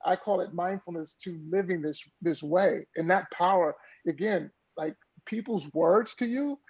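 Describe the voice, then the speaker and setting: Casting: high-voiced gravelly man, husky edge, earnest motivational coach, dull lo-fi audio. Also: unhurried, darkish tone. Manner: earnest, motivational, repeats words as he builds a point. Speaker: podcast guest, mindfulness coach. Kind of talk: conversational interview.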